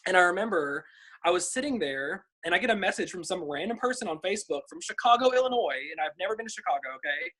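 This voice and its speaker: A woman's voice: lowish voice, animated, fast, a bit bright, slightly rough, low-quality recording. A young woman chatting on a group video call, sharing tips in a bubbly, chatty way with plenty of fillers. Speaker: team member sharing tips.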